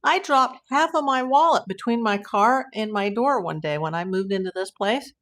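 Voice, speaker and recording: A woman's voice: on the high side, lively intonation, normal speed, a bit bright. A woman hosting a casual live stream, telling rambling anecdotes and laughing often. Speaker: host of a live YouTube channel.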